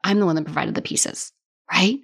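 A woman's voice: on the low side, normal speed, gravelly, fairly bright tone, breathy edge. A woman hosting a solo coaching podcast, talking earnestly with a strained, worn voice. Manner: earnest, emotional, talks through tears at times. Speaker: podcast host and business coach.

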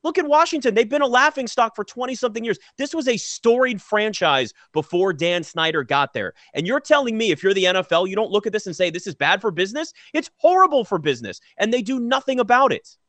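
A man's voice: high voice, animated, fast talker, hardly any pauses, fairly bright tone, no echo. A man co-hosting a casual sports talk show, ranting emphatically and with exasperation.

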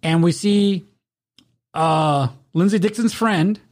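A man's voice: high voice, slow pace. A man telling rowdy, profane stories in casual chat, acting out the people he quotes. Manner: rowdy, profane, animated storytelling with acted-out quotes. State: drunk.

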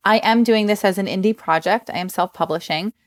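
A woman with a New Jersey accent, a guest author talking in a casual interview, enthusiastic and quick to laugh. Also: medium pitch, dry recording. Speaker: guest, children's book author.

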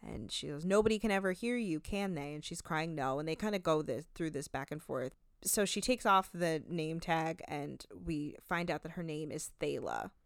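A woman co-hosting a casual podcast, recapping a reality show with quick asides and frequent laughter. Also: low voice, gravelly, no echo, studio quality. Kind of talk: casual chat.

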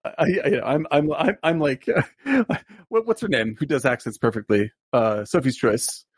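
A man co-hosting a casual film chat podcast, animated and quick to laugh, often repeating words. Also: medium pitch, slightly rough, no room sound. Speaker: podcast co-host. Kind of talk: casual chat about films.

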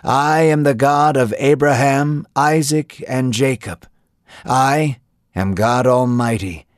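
A man voicing God as a calm, mighty and compassionate figure who speaks in a solemn, measured way. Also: medium pitch, dry recording, lightly acted. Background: music.

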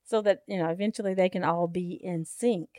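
A woman in a casual chat, expressive and quick to laugh, acting out her own thoughts as she talks. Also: lowish voice, no echo, studio quality.

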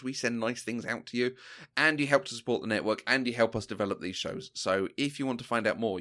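A man co-hosting a casual podcast, chatty and quick to laugh, often breaking off and restarting his sentences. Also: medium pitch, fairly bright tone. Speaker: podcast co-host.

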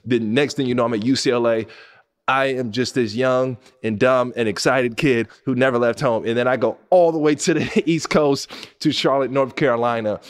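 A man in his thirties from Pasadena, hosting a podcast and telling a story animatedly, swinging between hushed asides and excited outbursts. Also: mid-range voice, moderate pace. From Pasadena, California. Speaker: podcast host.

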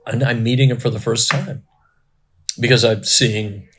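A man's voice: mid-range voice, steady tone, normal speed, background noise. A middle-aged man, a cinematographer guest, telling rambling anecdotes in casual interview chat.

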